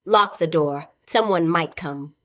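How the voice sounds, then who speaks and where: A woman reading the role of a weary, fragile young actress in a play reading, with heartfelt, halting delivery. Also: sits low, fairly bright tone, no echo, clean studio sound. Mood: anxious.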